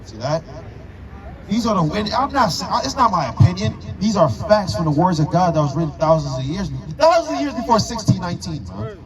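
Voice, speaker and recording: A man with a raised, high speaking voice preaches forcefully outside, hammering his listeners with rhetorical questions. A crowd murmurs steadily around him in the open street. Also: sing-song, brisk, low-quality recording.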